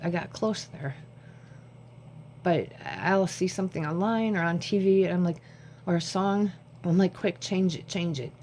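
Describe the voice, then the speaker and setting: A woman with a lowish, mellow voice talks to her phone camera at home. Short on sleep, she rambles casually from one thought to another. A faint hum sits under her voice. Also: expressive, a little slow. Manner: rambling, jumps between thoughts. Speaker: vlogger.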